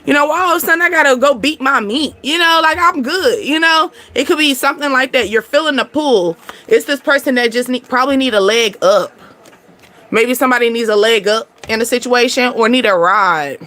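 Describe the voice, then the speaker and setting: A woman giving a relaxed, talkative tarot reading. Her voice sits high and sounds bright. She rambles in an animated way and laughs easily. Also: brisk. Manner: chatty, laughing, animated storytelling. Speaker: tarot reader. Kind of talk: casual tarot reading monologue.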